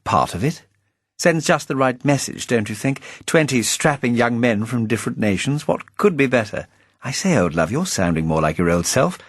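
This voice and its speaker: A man's voice: medium pitch, sing-song, moderate pace, dry recording, studio quality, pitched above the performer's own voice. A man reading aloud, voicing a bluff, condescending middle-aged official who talks in a hearty, patronising way. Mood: jovial.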